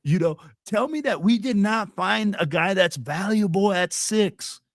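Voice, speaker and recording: A man as a guest on a sports podcast, talking excitedly and emphatically in casual chat. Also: high-pitched, unhurried, no room sound, studio quality. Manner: excitable, emphatic, calls the host "bro".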